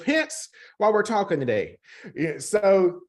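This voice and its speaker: A man's voice: on the high side, animated, moderate pace. A man hosting an interview in a casual way, with a few fillers and restarts. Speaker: host.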